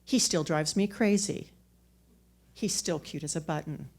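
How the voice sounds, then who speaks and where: A woman's voice: low-pitched, measured pace. Candid woman telling a story on stage. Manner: candid, self-mocking, with repeated restarts. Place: theater stage.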